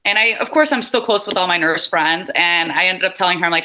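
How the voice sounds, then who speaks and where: A woman who used to be a nurse, chatting as a guest on a podcast in a quick, upbeat way. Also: on the low side, bright, forceful tone, low-quality recording. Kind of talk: podcast conversation.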